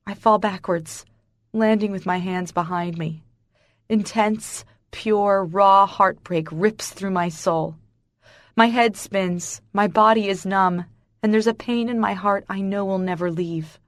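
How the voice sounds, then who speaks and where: A woman's voice: medium pitch, slow, no room sound, clean studio sound. A woman narrating a romance audiobook in the first person, with intense emotional storytelling.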